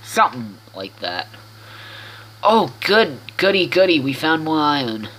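A man's voice: fairly high pitch, very animated, unhurried, bright, forceful tone, poor audio. A man hosting a casual let's-play video, rambling to himself with restarts and the odd swear word as he plays. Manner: rambling self-talk with frequent restarts and swearing. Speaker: gaming video host.

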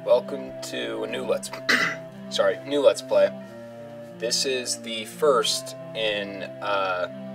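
A man hosting a let's play, chatting casually over the game and swearing now and then. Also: on the low side. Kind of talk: game commentary.

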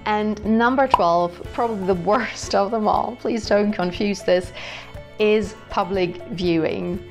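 A woman's voice: mid-range voice, measured pace, darkish tone. Young German woman, German accent, chatty language teacher, faint music underneath. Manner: chatty, explains with everyday examples. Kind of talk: explanatory video lesson.

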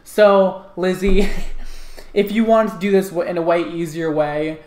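Low-voiced woman reacting to videos. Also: moderate pace, reverberant. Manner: expressive, gasps and laughs, explains in lay terms. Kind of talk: casual reaction commentary.

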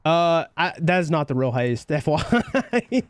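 A man's voice: fairly high pitch, moderate pace, clear, resonant tone, dry recording. A young man from North Carolina with a Southern twang, streaming a shooter game live and chatting with his viewers. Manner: excitable, chatty, reacts loudly to the game. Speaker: livestream gamer.

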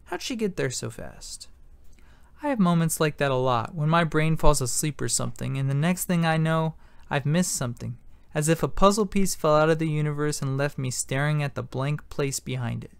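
Gravelly man narrating an audiobook. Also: fairly high pitch, a little fast, no echo. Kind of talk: amateur first-person audiobook narration.

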